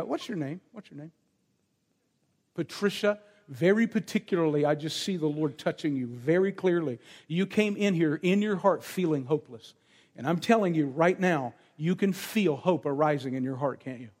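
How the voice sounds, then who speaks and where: A man's voice: a little high, lively intonation, moderate pace, darkish tone, husky, big-room sound. A man preaching a sermon to a congregation, praying and ministering with an emphatic, repetitive cadence. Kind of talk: sermon with prayer and prophetic ministry. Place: meeting room with a gathered congregation.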